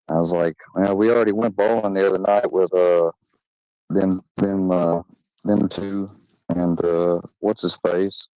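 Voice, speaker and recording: Rambling low-voiced man telling a story. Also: dark tone, no echo. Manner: rambling, halting, many fillers and restarts; swearing, slangy. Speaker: channel host. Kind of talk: casual storytelling. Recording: dull lo-fi sound.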